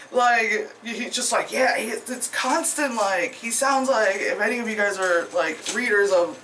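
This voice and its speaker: A vlogger rambles through a casual movie review, cursing freely, laughing often and filling every gap with "like" and "you know." The voice sits at a mid pitch and sounds set back from the microphone. A faint hiss of background noise runs underneath. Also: slow, pushed and bright, distant mic. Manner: rambling, profane, laughs often, many fillers. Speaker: film reviewer.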